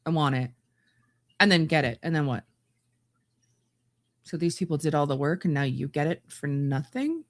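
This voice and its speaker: This is a woman podcast host from Canada who talks alone in a blunt, exasperated way. She often stumbles and restarts her sentences. She speaks in a slightly lower register than most women. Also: animated, normal speed, long pauses. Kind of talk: opinionated solo commentary.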